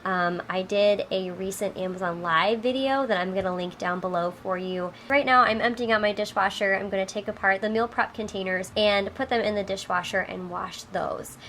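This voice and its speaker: A woman's voice: mid-range voice, moderate pace, hardly any pauses, fairly bright tone, a little hiss or hum. Chatty woman with a nasal cold. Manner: upbeat, chatty, with fillers. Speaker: home vlogger. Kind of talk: casual talk over cleaning footage.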